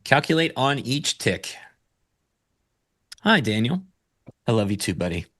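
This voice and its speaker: Man, trader on a live panel stream; lively, bright delivery, playful with chat. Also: mid-range voice, measured pace. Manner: playful, greets chat viewers, sings and does silly voices. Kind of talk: casual trading chat.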